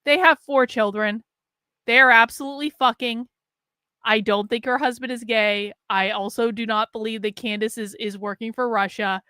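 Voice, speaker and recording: A woman host talks loosely to her live-stream audience, swearing now and then. Her voice sits high and sounds bright and smooth. The sound is dry and close, with no room around it. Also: fairly even intonation, normal speed, no room sound. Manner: chatty, profane, talks to viewers. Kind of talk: casual live-stream commentary.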